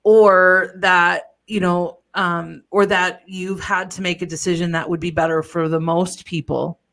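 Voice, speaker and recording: Woman podcast co-host, slightly low voice, reflective and conversational. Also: level tone, a little slow, a bit bright. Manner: reflective, thinks aloud with restarts. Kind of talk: casual interview chat.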